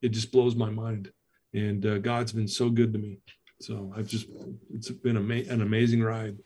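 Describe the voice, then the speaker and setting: A man's voice: fairly low pitch, flat delivery, moderate pace, warm tone, husky. A middle-aged man, a personal-development coach, tells his life story as a podcast guest, acting out the dialogue.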